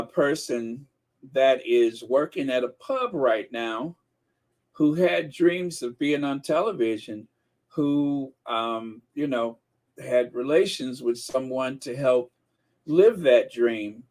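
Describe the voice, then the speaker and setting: A male live-stream host at a middle pitch, rambling along with his viewers in easy, conversational commentary. He takes his time, drawling through long pauses and filler words. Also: darkish tone. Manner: unhurried, chatty, many um and uh fillers.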